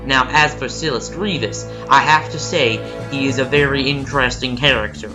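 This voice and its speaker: Man, put-on cowboy drawl, jokey, mock-serious, mid pitch, music behind. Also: moderate pace, poor audio. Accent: put-on American cowboy drawl. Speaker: video commentator. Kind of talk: comedic prediction monologue.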